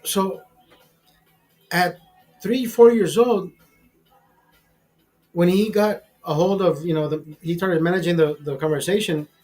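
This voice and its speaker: A high-pitched man in his fifties tells a rambling story, stumbling over his words and swearing freely. Faint music plays behind him in the studio. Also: fairly even intonation, measured pace, long pauses, a little mellow. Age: 50s. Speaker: show host. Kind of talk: casual profane storytelling. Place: streaming studio.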